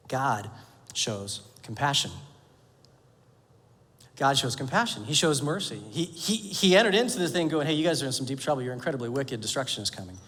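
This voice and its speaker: A man's voice: high-pitched, fairly bright tone. A man preaching a sermon as pastor, telling the story with jokes and playful quoted voices. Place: church sanctuary. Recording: long hall reverb.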